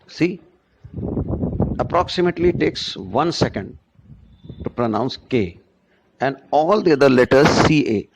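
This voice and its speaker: A man giving a classroom lesson on pronunciation, deliberate and repetitive, often checking in with "right?". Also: mid-range voice, noisy background. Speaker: English teacher.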